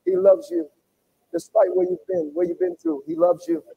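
A man pastor leading an impassioned sermon prayer, with a fervent, repetitive preaching cadence that swings from shouts to hushed pleading. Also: extremely high pitch, big pitch swings, moderate pace, vocal fry, highs cut off.

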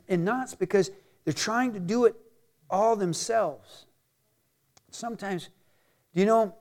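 A middle-aged man preaching a sermon as a pastor. He swings between loud emphatic lines and quiet asides, and he reads scripture slowly for emphasis. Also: high voice.

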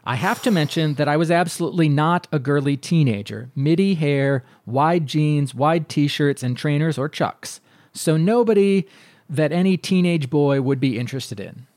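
A man co-hosting a podcast, reading a listener's email aloud in a steady, dry way with wry asides. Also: on the high side, normal speed, no echo.

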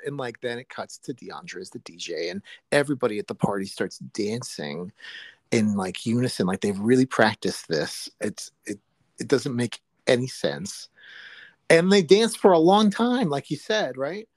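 A man chatting casually as a podcast co-host, at an ordinary pitch for a man. He is animated, laughs a lot and puts on a raised voice when he quotes people. The sound is dry and close to the mic. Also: moderate pace, no room sound. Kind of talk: casual chat.

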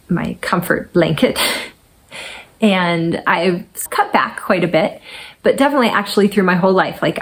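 A woman's voice: lowish voice, creaky. Woman telling a candid personal story. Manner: candid, conversational storytelling with fillers. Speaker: mental fitness coach. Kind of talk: personal testimonial talk.

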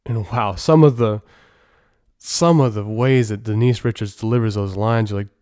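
A man's voice: on the low side, fairly even intonation, moderate pace, darkish tone, clear, resonant tone, dry recording, studio quality. A man hosting a casual movie review podcast, talking in a blunt, opinionated and joking way, with some swearing. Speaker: podcast host.

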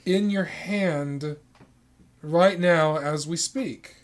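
A man's voice: a little high, very slow. A man co-hosting a casual chat, profane and given to mock-outraged rants. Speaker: podcast co-host.

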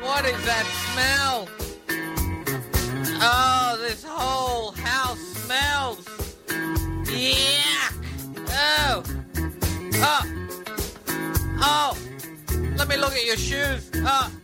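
A man's voice: steady tone, drawn-out words, pauses often, over loud music, heavily acted. A man playing a fussy homeowner who complains in outraged disgust, groaning "oh" again and again. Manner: shrill outraged complaining, repeated "oh". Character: disgusted fussy male homeowner, house reeks.

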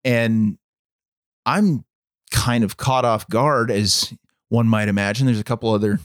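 A man co-hosting a podcast, telling a story in a measured, dramatic way. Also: fairly low pitch, no echo, clean studio sound. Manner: measured, dramatic storytelling, acts out quoted voices. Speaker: podcast co-host. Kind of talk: storytelling in casual chat.

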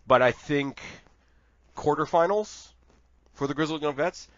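A man co-hosting a podcast in casual wrestling chat, animated and rambling, swearing freely. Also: on the high side, unhurried, no echo, highs cut off. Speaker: podcast co-host.

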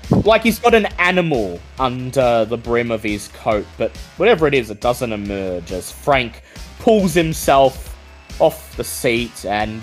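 A man running a tabletop game as game master, narrating scenes descriptively with frequent pauses. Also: medium pitch.

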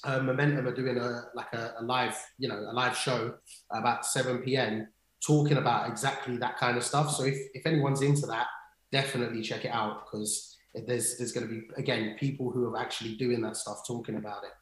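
A male livestream co-host, a chatty storyteller, keeps restarting and filling pauses as he talks casually. His mid-range voice shows little pitch movement and moves at a fairly quick clip. The room echoes noticeably.

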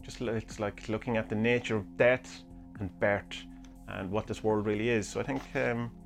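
A man's voice: on the low side, fairly even intonation, moderate pace, vocal fry, faint music behind. A man hosting a podcast, musing aloud through listener questions in a rambling way with many hesitations. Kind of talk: casual chat reading omens from books.

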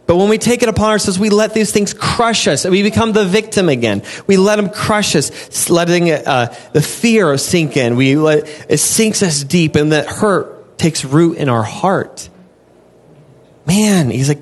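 A man's voice: a little high, lively intonation, moderate pace. A young adult man preaching an earnest, conversational sermon, often acting out his prayers and God's replies. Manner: earnest, conversational, acts out dialogue with God.

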